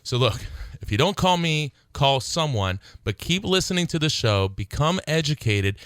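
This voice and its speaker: A middle-aged man hosting his own radio talk show, speaking earnestly and growing excited as he urges listeners to call. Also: on the high side, normal speed, clean tone, dry recording. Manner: earnest, excitable, laughs between phrases. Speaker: attorney and radio show host.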